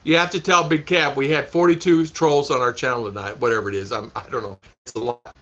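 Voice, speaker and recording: Male vlog host chatting to a live chat, bright tense tone, rambles and repeats, muffled stream sound. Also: medium pitch, fairly even intonation, quick pace. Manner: rambling, repeats himself, laughs a lot. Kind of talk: casual livestream chat. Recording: dull lo-fi stream audio.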